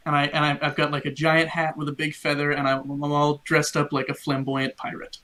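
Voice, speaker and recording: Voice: medium pitch, completely flat delivery, a little fast, sharp tone. A player in a tabletop game, describing their character's costume playfully with some restarts. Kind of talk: casual tabletop play.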